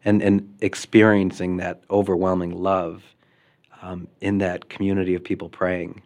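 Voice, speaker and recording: Deep, flat-voiced man interviewing. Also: normal speed. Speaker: podcast host, priest. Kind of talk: interviewing, brief responses.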